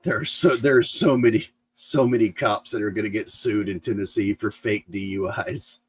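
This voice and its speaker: A man's voice: on the low side, steady tone, normal speed, husky, dry recording. A man chiming in with jokes during a casual podcast chat. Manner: joking interjections.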